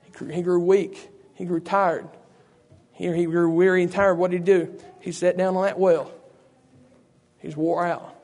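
A man preaches a sermon in a high, ringing voice. He keeps turning to the congregation with "you know what?" and rhetorical questions, building his points through repetition. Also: flat delivery, measured pace, long pauses, darkish tone. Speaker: pastor.

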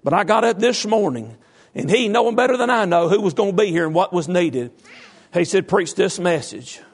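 A man pastor preaching in a church, reading King James scripture slowly and praying in a rhythmic cadence full of "Lord" and "dear God". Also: sits high, expressive. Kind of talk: sermon with scripture reading and prayer. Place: church sanctuary.

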